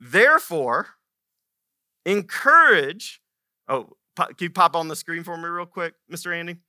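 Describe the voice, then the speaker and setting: A man's voice: on the high side, little pitch movement, quick pace, sharp tone, smooth, no echo, studio quality. A man preaching a sermon as a pastor, conversational and emphatic, repeating key phrases for weight.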